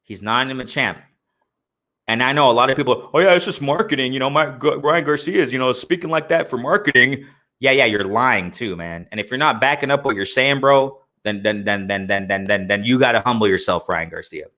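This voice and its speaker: A man's voice: mid-range voice, a little fast, sharp tone. A man hosting a live boxing talk stream, ranting heatedly with slang, repeating himself and answering his chat. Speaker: boxing talk show host. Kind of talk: live-stream commentary and rant.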